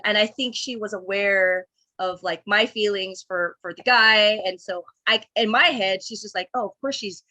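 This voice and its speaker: A woman's voice: mid-range voice, sharp tone. A woman in her thirties, a podcast guest chatting casually and candidly, full of fillers and restarts, acting out her own past thoughts. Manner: rambling, many fillers and restarts. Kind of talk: casual conversation.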